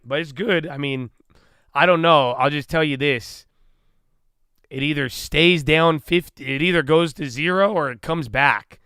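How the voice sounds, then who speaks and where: A man's voice: mid-range voice, pushed and bright, clear, resonant tone, no room sound, clean studio sound. A young man hosting a casual livestream, talking animatedly, swearing freely and acting out his own inner dialogue. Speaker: livestream host.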